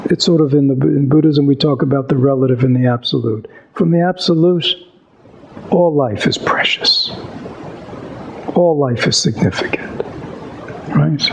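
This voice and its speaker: A man giving a reflective Buddhist talk, asking rhetorical questions and pausing often to think, and reading a story aloud. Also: mid-range voice, gravelly, slightly rough, poor audio. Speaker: Buddhist teacher. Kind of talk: dharma talk with read-aloud passages.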